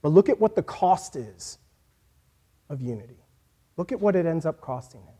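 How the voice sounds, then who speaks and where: A man preaching a sermon in an earnest voice that moves from quiet, reflective passages to emphatic points. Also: a little high, expressive, moderate pace, breathy edge. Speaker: pastor.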